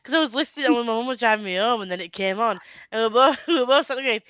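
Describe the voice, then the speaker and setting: A woman hosting a casual reading livestream, giggly and excitable, who swears freely and talks over a video call. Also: on the high side, racing, no room sound, lo-fi sound. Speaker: livestream host.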